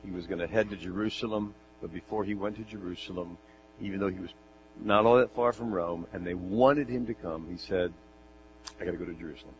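A man preaching a sermon, reading scripture with animated, jokey asides and rhetorical questions. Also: sits low, brisk. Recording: dull lo-fi sound with mains hum.

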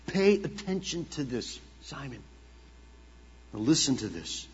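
A man preaching a sermon as the pastor, dramatic and swinging between hushed tones and loud bursts. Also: medium pitch, expressive, measured pace, long pauses, breathy edge. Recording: dull lo-fi sound with long hall reverb.

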